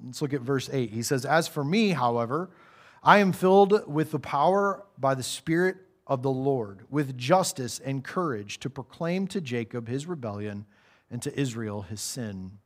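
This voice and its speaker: A man preaching a sermon in a church, conversational, acting out little voices and dropping quiet for serious points. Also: medium pitch, lively intonation, moderate pace.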